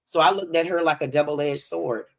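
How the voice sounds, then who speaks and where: A woman's voice: low-pitched, moderate pace, vocal fry. A woman on a panel who speaks candidly, with laughing asides. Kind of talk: live panel discussion.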